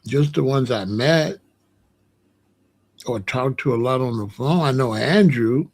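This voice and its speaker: Slow gravelly man in his sixties. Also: medium pitch. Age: 60s. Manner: slow, repetitive, drawling. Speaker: livestream host. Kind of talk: casual commentary to live chat.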